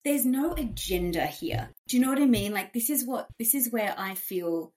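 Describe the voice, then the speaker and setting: A woman's voice: fairly high pitch, animated, normal speed, darkish tone. A woman hosting a podcast in a chatty, upbeat way, full of fillers and asides. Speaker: podcast host. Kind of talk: casual chat.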